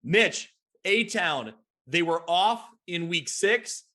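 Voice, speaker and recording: On his sports talk podcast, the host runs through high school football games in fast, high-energy recaps.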